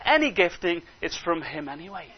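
A high-voiced male preacher delivering a sermon, his voice dropping to hushed asides and then rising into emphatic exhortation. The recording is dull and lo-fi. His delivery stays animated throughout. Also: fairly quick, breathy edge.

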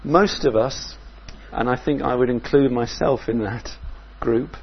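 A man preaching a sermon in a measured, reflective way, often asking his listeners questions. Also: mid-range voice, husky, lo-fi sound.

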